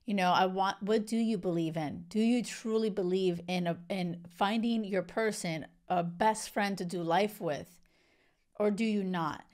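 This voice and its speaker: A young woman living in Spain hosts a relaxed chat about a reality show. Her mid-range voice is unhurried and slightly mellow, and she's effusive and talkative, full of fillers and restarts.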